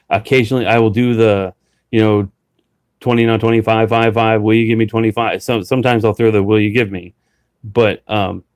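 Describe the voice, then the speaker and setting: A man with a low voice rambles in a loose, casual chat full of fillers, talking like a working auctioneer. The sound is dry and close, with no room echo. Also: darkish tone. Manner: rambling, many fillers, bursts into rapid auction chant. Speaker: reseller and auctioneer.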